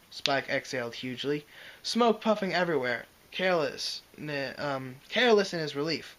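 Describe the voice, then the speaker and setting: Man reading a story, animated delivery. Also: on the high side, moderate pace, rough recording. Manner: expressive, dramatic reading with occasional slips and restarts. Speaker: reader. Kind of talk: reading fan fiction aloud.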